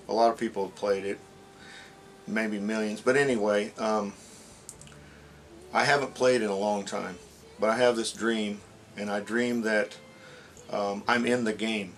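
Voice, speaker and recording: A man retelling a dream to the camera in a halting, rambling, earnest way. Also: lowish voice. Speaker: religious video blogger.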